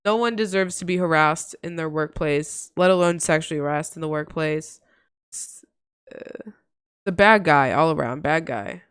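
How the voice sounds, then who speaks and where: A woman's voice: deep voice, normal speed, a bit bright, smooth, dry recording, studio quality. A woman hosting a reaction video, reading messages aloud in blunt, profane casual commentary. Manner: blunt and profane, gets heated.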